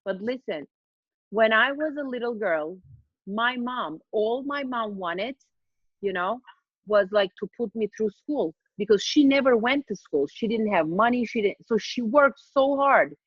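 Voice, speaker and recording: A middle-aged woman, a podcast guest telling a personal story in a lively, laughing way, often repeating and restarting her words. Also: a little high, unhurried, breathy edge, no echo, highs cut off. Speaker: master trainer, podcast guest. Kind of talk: casual storytelling chat.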